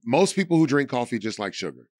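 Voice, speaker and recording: A voice actor in his thirties, appearing as a podcast guest, chats fast and tells stories animatedly, swinging into quoted voices with big pitch shifts. The sound is clean studio audio with no echo.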